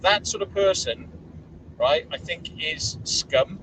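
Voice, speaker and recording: A man's voice: sits high, slow. A man, vlogging in a blunt, sweary, rambling way with lots of fillers, recorded outdoors. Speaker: urban explorer vlogger. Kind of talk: casual rambling monologue. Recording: distant mic with loud outdoor noise.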